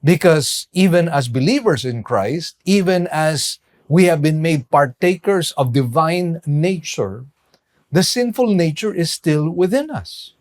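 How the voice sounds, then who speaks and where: A male pastor giving a measured sermon, pausing for emphasis as he explains scripture. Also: fairly high pitch, animated. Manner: slow, measured preaching with emphatic pauses.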